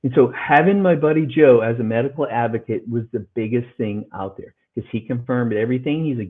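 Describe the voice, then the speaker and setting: Fairly quick and with few pauses, this mid-range male voice belongs to a middle-aged podcast guest. He earnestly narrates a hard experience, acting out what was said in raised voices, and the recording resembles a phone line.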